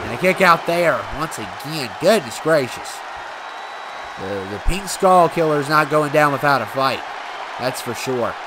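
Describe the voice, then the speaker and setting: A man commentating a wrestling video game play by play, excitable and given to shouting and cheering at the big moments. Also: fairly high pitch, unhurried. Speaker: gaming channel host. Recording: loud game crowd and noise behind.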